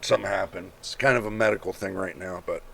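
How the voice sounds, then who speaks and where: Male channel host, very gravelly voice, casual price read-through with viewer asides. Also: low voice, fast talker, pushed and bright. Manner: reads prices aloud, chatty asides to viewers. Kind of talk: casual screen-share commentary.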